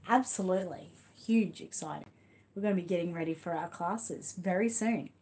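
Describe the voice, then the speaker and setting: An Australian woman talks casually to her audience and a child in a dim room at home. She reads a funny storybook with animated rhythm and hee-haw noises. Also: fairly low pitch, normal speed. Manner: chatty, talks to viewers and child; animated storytelling, braying sound effects. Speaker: channel host reading a story aloud. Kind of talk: casual chat and storybook read-aloud. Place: home room with lights dimmed.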